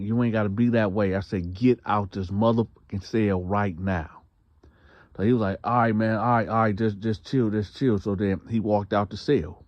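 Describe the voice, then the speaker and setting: A man's voice: fairly low pitch, no echo. A man casually telling a prison story in heavy slang, acting out each person's lines himself.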